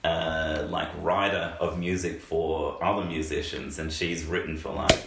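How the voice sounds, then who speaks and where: A man's voice: very deep voice, flat delivery, unhurried, a bit bright. A young man co-hosting a podcast among friends, rambling through stories with many restarts and fillers. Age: young adult. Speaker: podcast co-host. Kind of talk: casual banter. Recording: echoey room with faint hiss.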